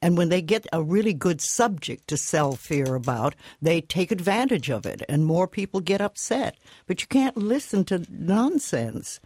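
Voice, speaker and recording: A woman's voice: fairly low pitch, sing-song, moderate pace, few pauses, darkish tone, husky. An older woman, a self-help author, chatting bluntly and matter-of-factly as a guest, laughing easily. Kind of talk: casual chat.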